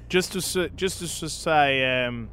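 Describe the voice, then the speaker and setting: A man's voice: on the high side, creaky, fairly bright tone, slight background noise, heavily acted. A man putting on a hammy Italian-accented guy. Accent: put-on Italian. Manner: broken grammar, drawn-out teasing.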